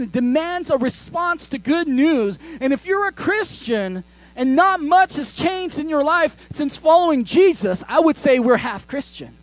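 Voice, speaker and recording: Male pastor, unusually high voice; chatty sermon delivery with acted-out quotes; faint mains hum. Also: no room sound, rough recording. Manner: conversational preaching with acted-out quotes.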